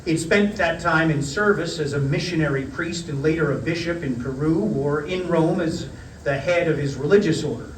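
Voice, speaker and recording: A middle-aged man reading a prepared lecture in a measured, wry storytelling manner. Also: on the high side, slight background noise. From United States. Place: parish hall. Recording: roomy hall, mic at a distance.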